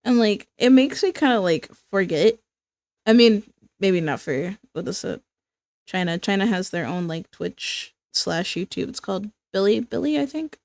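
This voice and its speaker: A woman's voice: medium pitch, lively intonation, normal speed, gravelly, a little mellow, dry recording. A young American woman chatting casually with her stream while drawing, rambling and repeating herself with self-mocking asides. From United States.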